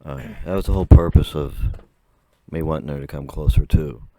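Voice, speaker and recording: A young man with a very low voice that still cracks now and then tells a long, rambling story straight to camera. He chats casually and laughs often between his sentences. The sound is dry and close, with no room around it. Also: steady tone, fairly quick, mellow, dry recording. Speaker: vlogger.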